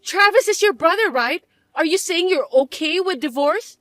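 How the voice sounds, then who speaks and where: A woman voicing a scheming, entitled sister-in-law who talks in a sneering, shrill way. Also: sing-song, moderate pace, sharp tone, no echo, exaggerated voice. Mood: pleading. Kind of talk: dramatized story dub.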